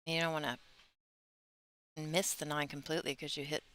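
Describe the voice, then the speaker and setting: A woman's voice: low voice, flat delivery, moderate pace, a bit bright. A woman who plays and commentates pool, explaining things in a friendly way. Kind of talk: casual sports commentary.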